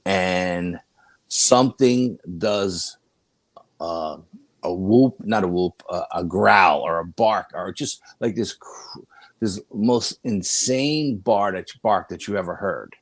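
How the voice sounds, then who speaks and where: Older man with a deep voice, rambling tale. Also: takes it slowly, dry recording. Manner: rambling, full of "you know" and restarts. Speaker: paranormal investigator guest. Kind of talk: casual storytelling.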